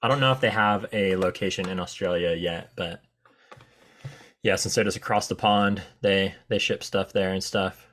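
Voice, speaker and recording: A man's voice: low voice, steady tone, normal speed, fairly bright tone. A man hosting a casual chat, easygoing and enthusiastic as he describes things. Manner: easygoing, enthusiastic about flavors.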